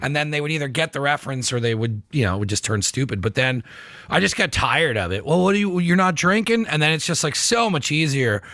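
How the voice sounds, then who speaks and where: A man's voice: mid-range voice, lively intonation, fairly quick, pushed and bright, dry recording, studio quality. A man hosting a podcast, chatting casually and acting out quoted lines as he tells stories. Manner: laid-back storyteller, acts out quoted lines. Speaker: podcast host. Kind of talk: casual chat.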